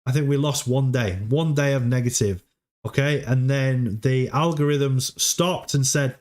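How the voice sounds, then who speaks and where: A man's voice: mid-range voice, a little slow, a little mellow. A man hosting a crypto livestream, talking casually and emphatically, often checking in with "okay?". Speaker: crypto stream host. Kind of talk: casual advice monologue.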